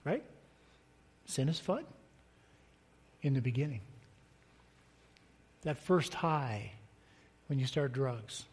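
A man's voice: mid-range voice, lively intonation, slow, long pauses, a little mellow, slightly rough. A middle-aged man preaching a sermon as pastor, conversational and joking with the congregation. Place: church sanctuary. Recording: long reverb of a church hall.

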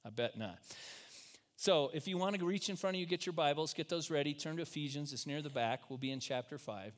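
A man's voice: on the high side, brisk. A man preaching a sermon in a casual, joking, conversational way to his congregation in church. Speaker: pastor.

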